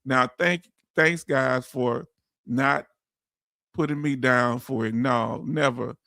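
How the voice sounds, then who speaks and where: A man's voice: mid-range voice, steady tone, slow, gravelly, pushed and bright, no room sound, studio quality. A man hosting a casual livestream, reading viewer comments aloud and calling his audience family in a heartfelt, emotional way.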